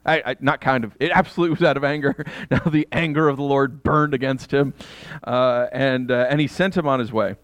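A man's voice: mid-range voice, steady tone, fairly quick, no echo. A middle-aged man preaching a sermon in a chatty, conversational way, with asides to his congregation and bursts of laughter. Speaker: pastor.

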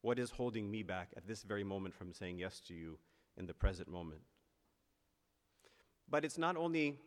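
Low-voiced priest preaching in a reverberant church. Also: male voice. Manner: earnest, builds to emphatic peaks then slows on key phrases. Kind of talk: sermon.

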